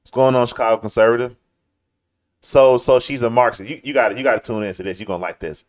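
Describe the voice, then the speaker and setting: Male streamer host, mid-pitched, argumentative, repeats himself, mocking tone. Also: fairly even intonation, quick pace. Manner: combative, repetitive, stammering restarts; mocking, puts on whiny voices for quotes. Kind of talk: live-stream commentary rant.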